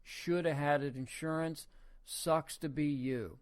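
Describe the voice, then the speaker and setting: A podcast host giving a casual opinion monologue, talking in a folksy way full of rhetorical questions and frequent restarts. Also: male voice, a little high, steady tone, measured pace.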